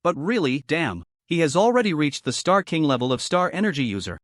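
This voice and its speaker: A flustered young woman warrior in an audio story recap, smitten and exclaiming, with a high, lively delivery, as a male narrator reads her lines. The sound is dry and close. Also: fairly quick, dry recording. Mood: astonished.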